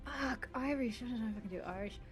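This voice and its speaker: A woman's voice: fairly high pitch, fast, faint music behind. A woman co-hosting a podcast in casual live-streamed chat, laughing and self-deprecating. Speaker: podcast co-host.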